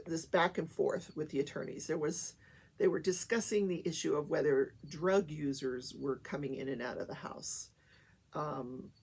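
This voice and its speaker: Older woman with a gravelly, husky voice. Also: low-pitched, darkish tone. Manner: chatty, many fillers, acts out quotes. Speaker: talk show host. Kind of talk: casual trial recap.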